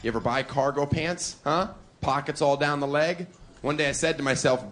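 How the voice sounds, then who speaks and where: A male stand-up comedian performing a routine, full of provocative setups and deadpan asides, chuckling at his own lines. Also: fairly high pitch, normal speed.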